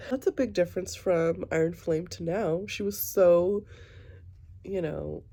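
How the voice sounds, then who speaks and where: A woman chatting casually in a reading vlog, rambling and excitable with many fillers. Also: fairly low pitch, extremely slow, pauses often, breathy edge. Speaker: book vlogger.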